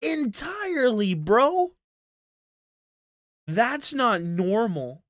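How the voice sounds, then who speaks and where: A woman's voice: a little high, big pitch swings, extremely slow, dry recording, studio quality. A woman doing casual reaction commentary over a stream clip, mocking and profane, repeating her jabs.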